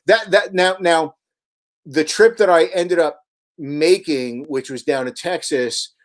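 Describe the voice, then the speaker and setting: A man, a radio host and author, guesting on a radio show and telling long, animated anecdotes with many restarts. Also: on the high side, takes it slowly. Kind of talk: storytelling in a radio interview.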